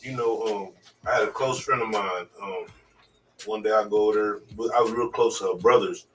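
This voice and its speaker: A man telling a story in casual group chat as a podcast co-host, acting out loud exclamations. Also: fairly low pitch, brisk, recorded from a distance, slight background noise, low-quality recording.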